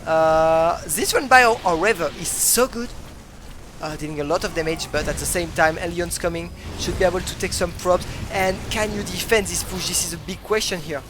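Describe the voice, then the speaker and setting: An esports caster giving live play-by-play commentary in non-native English, excitable and prone to sudden loud exclamations. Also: medium pitch, normal speed, background noise. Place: broadcast booth.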